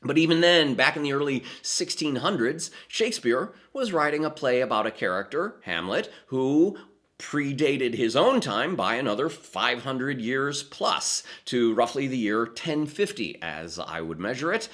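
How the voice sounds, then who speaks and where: Male presenter, mid-pitched voice with a lot of melodic movement, measured and emphatic, reading a prepared talk. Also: sing-song, a bit bright. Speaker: theatre presenter. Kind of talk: scripted explanatory narration.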